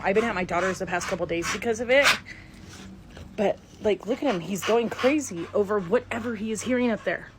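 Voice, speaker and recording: A middle-aged mother filming inside her house, talking to viewers, swinging between hushed whispers and panicked exclamations. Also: medium pitch. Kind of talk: frightened handheld home video narration. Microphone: handheld phone camera. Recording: noisy phone recording.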